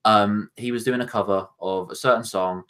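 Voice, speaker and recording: A man's voice: lowish voice, steady tone, moderate pace, fairly bright tone, clean tone. A man co-hosting a casual film review, rambling with lots of fillers and restarts.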